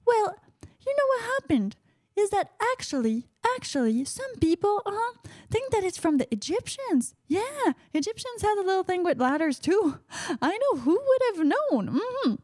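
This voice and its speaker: Chatty female radio host, high-pitched and playful, dry close mic. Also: sing-song, moderate pace, a little mellow, no echo. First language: French. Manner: playful, chatty, sprinkles "uh-huh" affirmations. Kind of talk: casual radio monologue.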